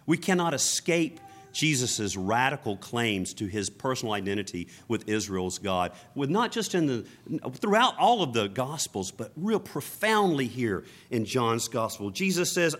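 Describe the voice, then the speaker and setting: A male pastor delivering a sermon with a lively, swooping pitch and a bright, forceful edge to his voice. He slips between relaxed, joking asides and emphatic lines that he repeats to drive them home. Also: moderate pace. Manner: lively preaching, mixing casual asides and humor with emphatic repetition.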